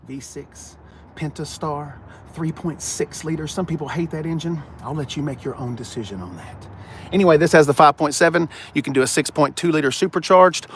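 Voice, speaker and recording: A man's voice: fairly high pitch, a little hiss or hum. A middle-aged man joking and teasing as he shows cars around a car lot. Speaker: car dealership vlogger. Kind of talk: casual walkaround chat.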